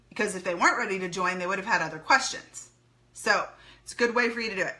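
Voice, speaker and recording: A woman's voice: medium pitch, quick pace, sharp tone. A woman giving an upbeat recorded training talk to her sales team, repeating key phrases as she coaches.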